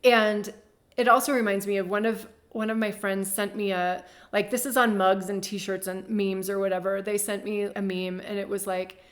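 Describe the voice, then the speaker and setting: A woman's voice: medium pitch, flat delivery, normal speed. Chatty woman host telling stories. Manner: chatty storytelling, laughs often, uses many fillers. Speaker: host and business coach. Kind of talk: casual monologue to camera.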